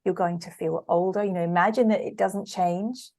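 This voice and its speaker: During a casual podcast interview, a woman with a slightly low voice talks as a coach in a relaxed conversation. Earnest and emphatic, she drives points home by repeating words, keeping a direct, conversational delivery at a moderate pace.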